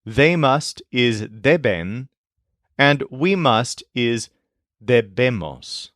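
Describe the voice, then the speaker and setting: Slow, lively-voiced male language teacher. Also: medium pitch, no echo, studio quality. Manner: slow, clear explanatory delivery. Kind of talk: scripted lesson narration.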